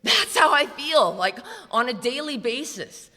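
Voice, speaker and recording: American woman, recovery speaker, blunt and profane, bright edge, higher register, echoey convention hall. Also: expressive, a little slow. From USA. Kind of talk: live speech at a convention.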